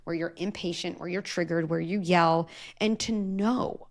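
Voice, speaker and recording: A woman's voice: on the low side, steady tone, moderate pace. A woman in her forties, a parenting psychologist guest, talking earnestly in an interview and acting out quoted lines. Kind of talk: conversational interview.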